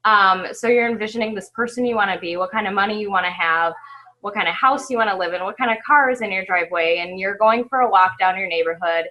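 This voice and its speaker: Bright-voiced woman on a video call. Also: medium pitch, lo-fi sound. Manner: emotional, halting, tearful at times, apologizes often. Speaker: event attendee sharing a recap. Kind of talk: casual video call recap. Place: home.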